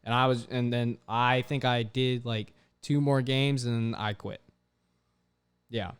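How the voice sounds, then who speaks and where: A young man hosting a podcast, telling stories in a casual, profane, animated way. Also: medium pitch, slow pace, clean tone. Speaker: podcast host. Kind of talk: casual chat.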